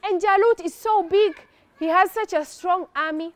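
A woman narrating a religious story for children in an animated way, often asking her listeners questions. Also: very high-pitched, normal speed, dry recording.

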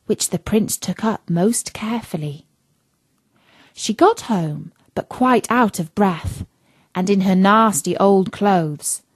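Slow, lively woman reading a fairy tale. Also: mid-range voice, no echo. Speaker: storyteller. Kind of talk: fairy tale read aloud for children.

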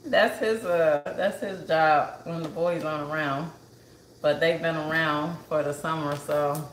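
A woman's voice: low voice, fairly even intonation, unhurried. A woman chatting emotionally to viewers on a cooking livestream from her home kitchen, close to tears. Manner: emotional and tearful, calls viewers y'all. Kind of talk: casual chat to viewers. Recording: echoey room with background noise.

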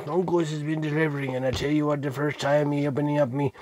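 A man's voice: on the high side, little pitch movement, quick pace, a little hiss or hum. A man hosting an unboxing vlog in a theatrical, showman-like way, playfully hamming it up for the audience and now and then slipping into mock-pirate phrasing. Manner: showman-like, addressing the audience as ladies and gentlemen. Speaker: toy and cereal reviewer.

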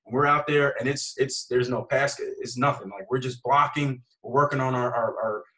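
A man's voice: medium pitch, steady tone, normal speed, a bit bright, low-quality recording. A man who coaches football, chatting casually, with rambling sentences full of slang and restarts. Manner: rambling, heavy on fillers and restarts, laid-back slang.

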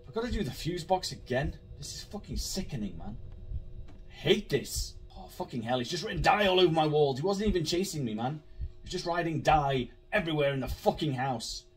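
A man's voice: a little high, animated, brisk, distant mic, soft background music. A man commentating a horror game, swearing a lot, jumpy and sarcastic. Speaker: gaming YouTuber.

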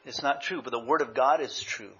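A man's voice: medium pitch, a little fast, bright, forceful tone, breathy edge, lo-fi sound. A man, an associate pastor, preaching a conversational sermon with anecdotes.

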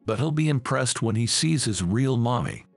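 A drunk and impudent woman, all taunts and brazen demands, as a male storyteller reads her lines. The voice is gravelly and husky, with a lively rise and fall. It sits close and dry in a quiet storybook reading. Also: medium pitch, moderate pace, faint music behind. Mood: taunting.

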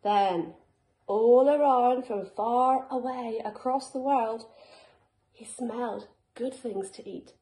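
Slow, expressive woman reading to children. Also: a little high. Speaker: teacher. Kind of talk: reading a picture book aloud to children. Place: school classroom. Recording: echoey room.

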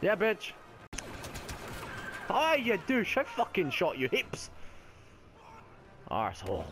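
A young man talks over his gameplay into a headset at home, his pitch leaping all over as he reacts. He is sweary and excitable, and he laughs at his own blunders. Faint background noise sits under his voice. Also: takes it slowly. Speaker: gaming YouTuber. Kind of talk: live gameplay commentary.

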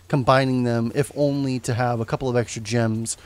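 A man's voice: medium pitch, steady tone, fairly quick, darkish tone, clean tone. A young man giving casual, rambling commentary on a game he streams, often correcting himself and tossing in jokes. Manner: rambling, self-correcting, joking asides.

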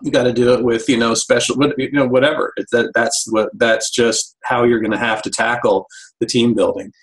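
A man's voice: medium pitch, level tone, a little fast, rough recording. A man, a guest in a casual interview, summing things up and agreeing emphatically.

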